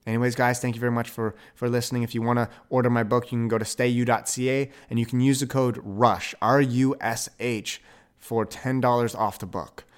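A young man hosting a podcast, telling a rambling story with quick self-corrections and an upbeat, animated manner. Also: medium pitch, clear, resonant tone. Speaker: podcast host. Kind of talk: casual monologue.

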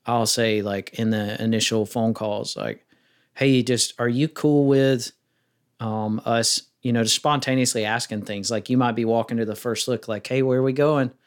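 A man's voice: fairly low pitch, moderate pace. A man being interviewed on a podcast about wedding filmmaking, talking casually and acting out the questions he asks people. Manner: rambling, acts out quoted questions in a lively voice.

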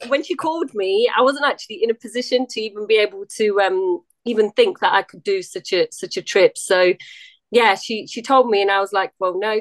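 A woman guest on a podcast, reflecting warmly on a friend's kindness. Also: medium pitch, no echo. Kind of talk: casual conversation.

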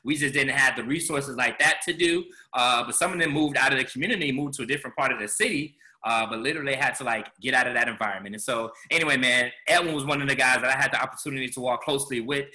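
A man's voice: mid-range voice, quick pace, hardly any pauses, bright, forceful tone, rough recording. A man from Chicago's South Side, a former program director, telling a candid story in a casual podcast interview, often saying "man". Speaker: former program director of a community arts center.

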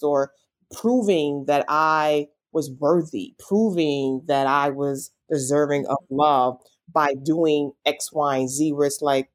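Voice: medium pitch, steady tone, slow. A life coach speaking as a podcast guest in an earnest, reflective way, musing on personal growth. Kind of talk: casual conversational interview.

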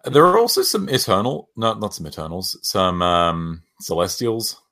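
Deep-voiced man, swears and laughs. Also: very animated, normal speed, pushed and bright. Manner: enthusiastic, swears casually, laughs often. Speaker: podcast co-host. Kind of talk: casual movie podcast chat.

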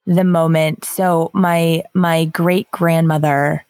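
Expressive woman telling a story, dry sound. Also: deep voice, takes it slowly, no echo. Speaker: podcast co-host. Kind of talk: casual chat and personal storytelling.

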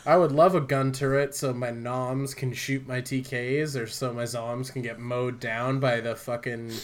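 A man's voice: mid-range voice, steady tone, a little slow. A man hosting a podcast, talking in a jokey, profane, self-deprecating way. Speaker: podcast host. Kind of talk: casual chat.

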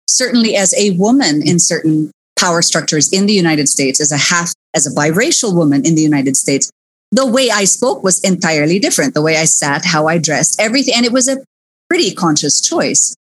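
A woman from the Philippines hosts a casual discussion in a lowish voice. She talks in a lively, chatty way and slips Filipino words into her English. The recording is close and dry, with no room sound. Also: slightly rough, no room sound. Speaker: podcast host.

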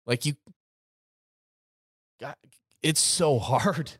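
A man's voice: fairly high pitch, extremely slow, a bit bright, slightly rough, no echo, studio quality. A man co-hosting a podcast, talking earnestly and emphatically about coaching gym owners, often repeating himself. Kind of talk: casual podcast chat.

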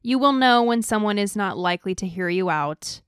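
A woman's voice: mid-range voice, expressive, moderate pace, clear, resonant tone, no echo, studio quality. A woman co-hosting a casual podcast, giving plain, direct advice. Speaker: podcast co-host.

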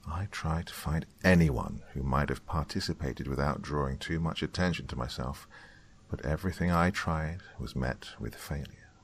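Deep-voiced man narrating a dark tale. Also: normal speed, breathy edge. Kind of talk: scripted horror story narration.

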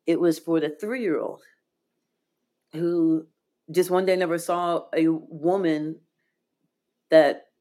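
A woman as an interview guest, telling a deeply personal story in an earnest, heartfelt way, with frequent "like" fillers. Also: steady tone, slow, pauses often, dark tone. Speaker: podcast guest.

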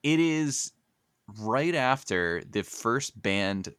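Podcast guy telling the episode story, animated and jokey, dead dry room. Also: mid-range voice, very slow, clean tone, no room sound. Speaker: podcast host. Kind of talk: casual recap of a cartoon episode.

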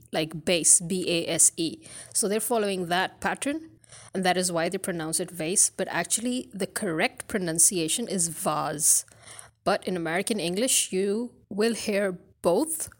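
A woman teaching English pronunciation who explains the rules step by step and spells words out letter by letter. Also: on the low side. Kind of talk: pronunciation lesson.

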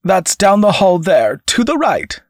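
A man doing a gruff woman innkeeper. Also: high voice, wildly swooping pitch, measured pace, no room sound, clean studio sound, voice pushed up, full character voice. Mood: urgent. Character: tough woman innkeeper clerk with a rifle.

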